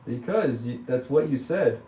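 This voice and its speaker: A man chatting with an AI in a deadpan, needling way. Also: medium pitch, a little slow. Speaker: user chatting with an AI. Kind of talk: deadpan trolling chat. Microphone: security camera. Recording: dull, roomy, distant security camera audio.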